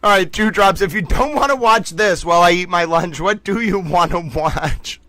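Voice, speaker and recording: High-voiced guy on a livestream, playful, laughs a lot, super dry close sound. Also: moderate pace, bright, forceful tone, no room sound. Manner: playful, laughs often, mock-dramatic. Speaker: livestream host. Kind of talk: casual livestream chat.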